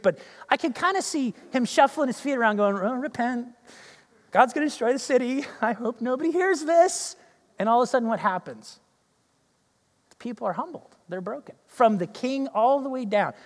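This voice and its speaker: A male pastor preaching a sermon, telling the story in a lively way and acting out the characters' lines. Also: high voice, in a large hall.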